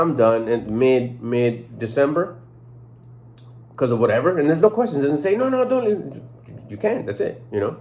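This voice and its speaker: A man giving a casual direct-to-camera sales pitch as a personal development YouTuber, talking loosely in slang with frequent restarts and repeated words. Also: a little mellow.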